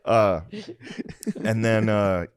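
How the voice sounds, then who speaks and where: A man's voice: lowish voice, fairly even intonation, drawn-out words, clear, resonant tone, dry recording, studio quality. A man telling family stories in a casual podcast chat, acting out voices and laughing often.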